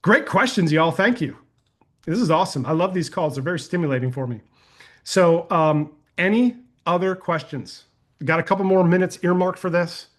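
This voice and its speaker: A man hosting a live question-and-answer call, coaching attendees in a folksy, energetic way and telling anecdotes. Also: a little high, normal speed. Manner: energetic and folksy, uses "y'all", tells anecdotes. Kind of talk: casual webinar Q&A.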